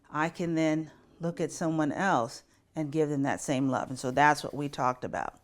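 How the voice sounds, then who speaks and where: Low-voiced woman pastor, earnest and tender. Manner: earnest and personal, voice softening with grief. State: fighting back tears. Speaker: pastor and podcast host. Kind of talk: reflective spiritual talk.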